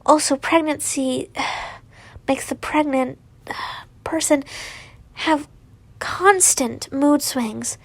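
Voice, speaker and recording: A woman's voice: high-pitched, takes it slowly, pauses often, no room sound, low-quality recording. A woman reading fan fiction aloud, often stumbling and correcting herself, with sighs and small asides.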